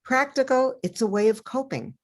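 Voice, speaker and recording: An older woman author in an interview, telling personal stories in a lively way and acting out the voices of the people she quotes. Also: high voice, moderate pace. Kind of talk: storytelling interview over video.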